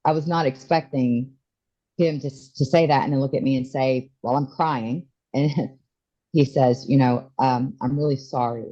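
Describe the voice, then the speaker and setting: Halting woman in her forties, dark voice. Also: a bass voice, fairly even intonation, highs cut off. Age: 40s. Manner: emotional, halting, many restarts. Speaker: interview guest. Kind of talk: candid personal story.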